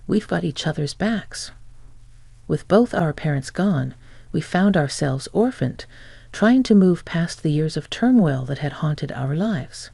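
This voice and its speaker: A woman in her twenties reading a scripted first-person story in a steady, even manner. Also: deep voice, measured pace, vocal fry, slightly rough, dry recording. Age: 20s. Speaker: narrator.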